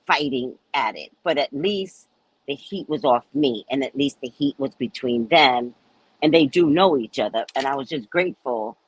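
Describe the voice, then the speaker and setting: A woman host telling her viewers a story in a casual, animated way, cursing freely and acting out what people said. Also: low voice, husky, poor audio. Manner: animated, profane, acts out quoted people. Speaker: psychic reader and host.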